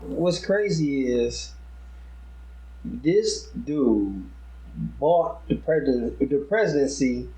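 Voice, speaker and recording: A man co-hosting a podcast, dropping in slow, laid-back remarks during casual chat. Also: medium pitch, expressive, dark tone, reverberant, poor audio. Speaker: podcast co-host.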